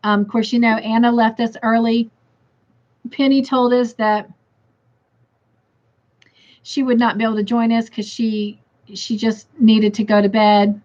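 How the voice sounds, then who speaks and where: A woman's voice: on the high side, flat delivery, a little slow, long pauses, a little mellow. A woman hosting a casual livestream, chatting and reading viewer comments aloud while in pain and tired. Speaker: crochet livestream host. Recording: dull lo-fi stream audio.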